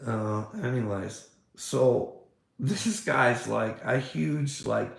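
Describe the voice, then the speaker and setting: A man's voice: medium pitch, gravelly. A man in a casual, rambling monologue, swearing often and stumbling over his words. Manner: rambling, profane, frequent restarts; laughs between remarks. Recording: echoey room.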